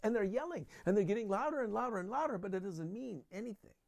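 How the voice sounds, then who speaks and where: Gravelly man teaching parents. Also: high voice, expressive, fast talker, a little mellow. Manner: earnest, explaining with everyday examples. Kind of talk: parenting talk with Bible verses.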